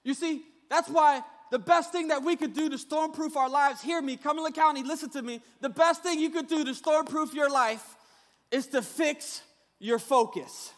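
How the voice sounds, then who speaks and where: A male pastor giving an animated, humorous sermon, acting out the scenes he tells. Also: extremely high pitch, moderate pace, few pauses, in a large hall.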